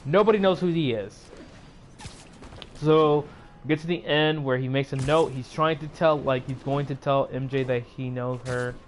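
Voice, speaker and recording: A man's voice: medium pitch, normal speed, slight background noise. A man casually recapping a movie for his channel, rambling with many fillers, sleepy and yawning, with a sore throat. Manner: rambling, filler-heavy retelling. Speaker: YouTuber.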